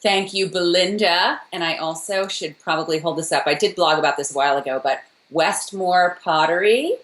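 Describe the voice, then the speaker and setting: A woman's voice: fairly low pitch, normal speed, a bit bright, reverberant. A woman co-hosting a podcast over a video call, chatting in a dry, wry, offhand way. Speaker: podcast co-host. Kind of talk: casual chat.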